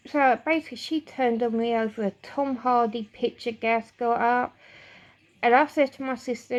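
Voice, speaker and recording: A woman's voice: a little high, fairly even intonation, normal speed. Woman telling a painful life story. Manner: emotional, rambling, swears, frequent restarts. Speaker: vlogger. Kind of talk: personal storytelling to camera.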